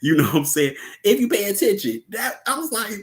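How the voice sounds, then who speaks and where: A man's voice: high-pitched, sing-song, a little fast. A man hosting a casual livestream about a film, laid-back, laughing often and chatting with viewers. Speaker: host discussing a film.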